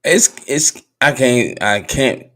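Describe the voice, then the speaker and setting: A man's voice: medium pitch, lively intonation, takes it slowly, fairly bright tone. A man hosting a podcast in casual conversation, laid-back and candid with slang, recorded in a car. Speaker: podcast host.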